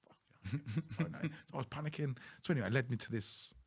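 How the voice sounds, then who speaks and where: A man's voice: medium pitch, very fast, vocal fry, slightly rough. A man hosting a podcast, telling a story in a chatty way, laughing and swearing casually. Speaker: podcast host.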